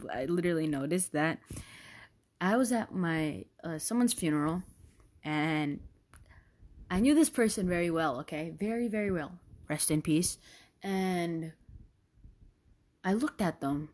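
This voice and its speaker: A young woman hosting her own podcast, chatting casually and rambling with many fillers. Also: fairly low pitch. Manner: rambling, animated, lots of fillers. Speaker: podcast host. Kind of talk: casual solo podcast chat.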